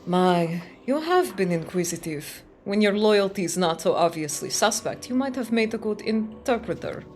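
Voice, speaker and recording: A woman voicing a composed, guarded man of authority in a video game, speaking in a measured, formal and cryptic way, a little lower and softer than her own voice. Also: lively intonation, faint music behind, close to an everyday voice. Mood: cool, guarded.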